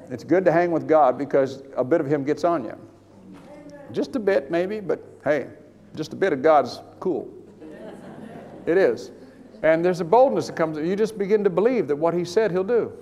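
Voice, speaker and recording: A man preaching a sermon with a fairly high voice, animated and emphatic, dropping into hushed asides and then rising into loud bursts. His voice rings with long reverb, recorded in a large hall. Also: normal speed, pauses often, dull audio.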